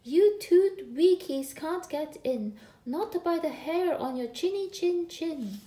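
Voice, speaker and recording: A woman's voice: very high voice, lively intonation, slow pace, dark tone, pitched above the performer's own voice, full character voice. A woman voicing a group of little pigs taunting in a singsong, reading a storybook aloud. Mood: teasing. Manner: singsong teasing. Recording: echoey room.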